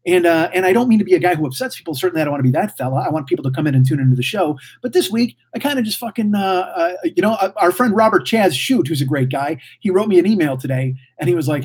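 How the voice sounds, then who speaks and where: Fast-talking husky-voiced motor-mouth man. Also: on the high side, animated, a little mellow. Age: 40s. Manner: rambling, profane motor mouth; mouthy, blurts without thinking. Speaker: podcast host reading live chat. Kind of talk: casual livestream chat.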